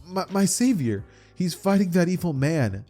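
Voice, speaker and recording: A man's voice: high voice, sing-song, normal speed, mellow, faint music behind, voice pushed up, exaggerated voice. A man putting on a timid small girl.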